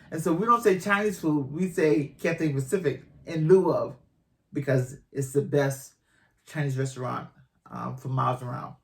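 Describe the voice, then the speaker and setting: Teasing woman with a Boston accent. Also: sits low. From Boston, USA. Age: 50s. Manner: teasing, laughing often. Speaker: co-host of a couple's channel. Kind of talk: casual chat.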